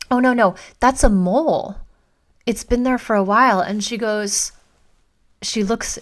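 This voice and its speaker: Animated middle-aged woman telling a story. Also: mid-range voice. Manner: animated, acts out quoted dialogue. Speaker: life coach, podcast host. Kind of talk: casual storytelling monologue.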